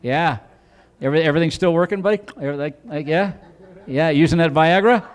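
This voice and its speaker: A man performs stand-up on a comedy club stage, his voice sitting a touch high for a man. He rambles through his stories and banters with the crowd, now and then breaking into loud, exaggerated voices for his bits. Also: fairly quick, clear, resonant tone. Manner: rambling, animated storytelling, bursts into loud put-on voices.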